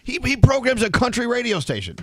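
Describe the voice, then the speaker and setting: A man's voice: very high voice, huge pitch swings, fast talker, a bit bright. A man hosting a morning radio show, steering the banter with a wry, playful manner.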